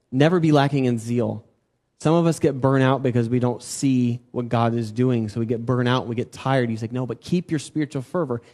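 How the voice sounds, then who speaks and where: A man's voice: mid-range voice, darkish tone. A man teaching at church in an informal sermon style. He talks conversationally, repeats key words for emphasis and puts questions to his listeners.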